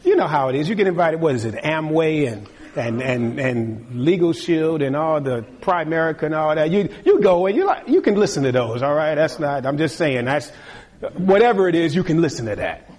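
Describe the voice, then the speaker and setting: Animated preacher man in a reverberant hall. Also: on the high side, moderate pace, slightly rough. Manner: animated, acts out voices of tempters and the king. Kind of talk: sermon.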